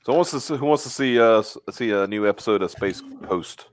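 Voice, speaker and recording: A man's voice: fairly low pitch, a little fast, slight background noise. A man hosting a live stream in loose, joking casual chat. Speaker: host.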